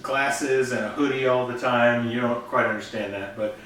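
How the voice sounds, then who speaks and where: Brief: co-host guy, rambling casual recap, bright voice, echoey room with a far-off mic. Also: medium pitch, steady tone, a little hiss or hum. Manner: rambling retelling with quick voice impressions. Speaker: co-host of a review show. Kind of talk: casual review chat. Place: basement movie room.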